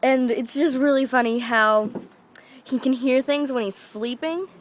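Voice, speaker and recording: Brief: young woman vlogger, chatty and rambling, puts on quick voices for family. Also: high voice, a little hiss or hum. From Alaska. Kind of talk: casual storytelling to camera.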